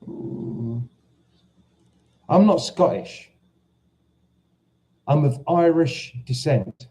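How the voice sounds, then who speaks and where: A man's voice: fairly high pitch, drawn-out words, warm tone, a little hiss or hum, rough recording. A man with a Cockney accent chatting casually on a livestream, teasing viewers and confessing he gets confused. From London. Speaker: livestream host. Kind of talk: casual live chat reading viewer comments.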